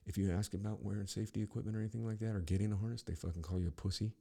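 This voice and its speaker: Gravelly deep-voiced man telling stories. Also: steady tone, rapid-fire, warm tone. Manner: profane, rambling, with frequent restarts. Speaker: podcast host. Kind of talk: casual storytelling monologue.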